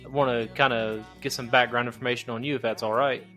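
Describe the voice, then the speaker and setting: A man's voice: medium pitch, steady tone, fast talker, pushed and bright. Podcast host, male, Southern Ohio accent, chatty and easygoing, faint music behind. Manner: friendly, laughs often, chatty. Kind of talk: casual podcast interview.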